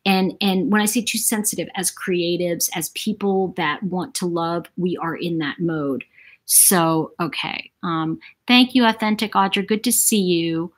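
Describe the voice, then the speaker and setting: A woman from New York City hosting a casual livestream, talking in a chatty, animated way and reading out viewer comments. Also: lowish voice, measured pace. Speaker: livestream host. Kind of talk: casual live-chat monologue.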